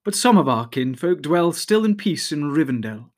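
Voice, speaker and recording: A grave, wise elf lord of great age, as a man reads him aloud, drawing out his words in slow, solemn cadences. The voice sits a little higher than a plain reading voice and carries an air of ancient dignity, like a figure from a storybook. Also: sing-song, darkish tone. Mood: stately. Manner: slow, stately, solemn speech.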